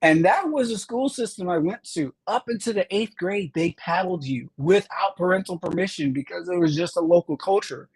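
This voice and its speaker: A man's voice: sits high, normal speed, few pauses, husky, rough recording. A man from Chicago, a state representative, telling his life story earnestly in an interview. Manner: earnest storyteller, acts out quoted teachers. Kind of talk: interview conversation.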